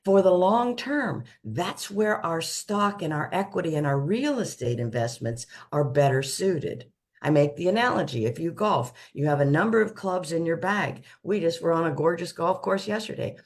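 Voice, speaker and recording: A woman's voice: fairly low pitch, expressive, moderate pace. A woman financial advisor explaining things in casual conversation, using folksy analogies and often restarting her sentences.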